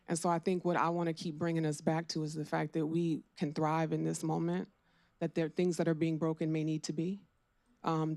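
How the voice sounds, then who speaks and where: A woman's voice: deep voice, creaky, darkish tone, no echo. A woman speaking on a conference panel, earnest and conversational with informal phrasing.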